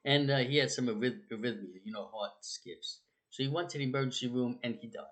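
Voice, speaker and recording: A man's voice: fairly quick, fairly bright tone. Guy rambling through stories, lots of uh and restarts, voice jumps up for quotes. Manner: rambling, conversational, with many fillers and restarts; acts out quotes with raised pitch. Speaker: speaker on the afterlife. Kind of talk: casual storytelling talk.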